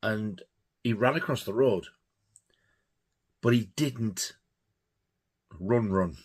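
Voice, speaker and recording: A man's voice: on the low side, slow, husky. A man telling a rambling, laughing anecdote on his vlog, swearing freely. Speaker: vlogger.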